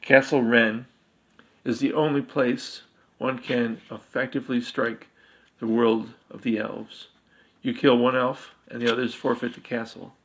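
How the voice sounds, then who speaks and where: A man's voice: mid-range voice, little pitch movement, slight background noise, close to an everyday voice, low-quality recording. A man voicing an aristocratic scheming wizard. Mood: persuasive. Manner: persuasive, measured, offhand. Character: aristocratic bald wizard, smooth-talking schemer.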